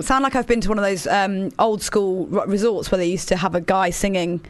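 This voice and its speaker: A woman's voice: medium pitch, fairly even intonation, brisk, few pauses, no room sound. Bubbly woman radio host. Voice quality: bubbly, giggly, chatty. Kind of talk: casual radio banter.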